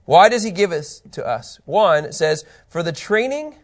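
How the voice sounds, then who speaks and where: A man teaching a Bible lesson to a group, animated and conversational, asking rhetorical questions as he reads through scripture. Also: sits high, normal speed.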